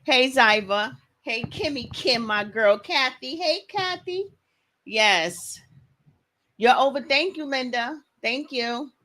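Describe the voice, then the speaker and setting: A woman hosting a casual livestream, talking fast and greeting viewers by name. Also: high voice, animated, bright, forceful tone. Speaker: livestream host.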